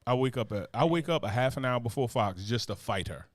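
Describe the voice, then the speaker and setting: A podcast co-host with a medium-pitched voice talks animatedly and a little fast on a casual chat show, swearing, joking, and reading chat comments aloud. The recording has no room sound.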